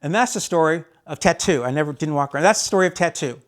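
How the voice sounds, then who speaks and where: A man's voice: on the high side, animated, fast talker. A man telling a casual personal anecdote, rambling and often correcting himself mid-sentence. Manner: rambling, self-correcting, chatty. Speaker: storyteller.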